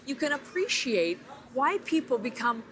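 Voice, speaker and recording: A woman's voice: high voice, normal speed, a crowd in the background. Emotional woman anchoring live news. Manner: emotional, excitable. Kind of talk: live broadcast commentary.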